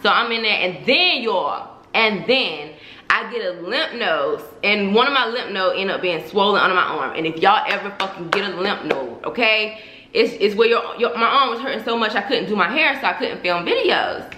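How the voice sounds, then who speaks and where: Young woman YouTuber, frank profane chat to camera, bright tone, roomy echo. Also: medium pitch, expressive, normal speed. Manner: candid, profane, addresses viewers as y'all. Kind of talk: casual vlog confession to viewers. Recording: echoey room.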